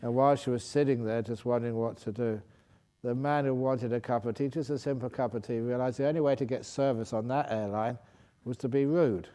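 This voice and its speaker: Male monk, humorous dharma talk, mellow voice, laughs a lot. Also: medium pitch, fairly even intonation, a little fast. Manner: light-hearted storytelling, laughing often, restarting phrases. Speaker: Buddhist monk and teacher.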